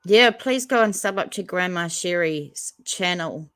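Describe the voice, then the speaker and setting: A woman with a slightly low voice hosts a relaxed livestream. She reads out viewer comments and answers each one in easy, casual chat, as if talking to friends. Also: measured pace, smooth, no echo, clean studio sound. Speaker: livestream host reading chat.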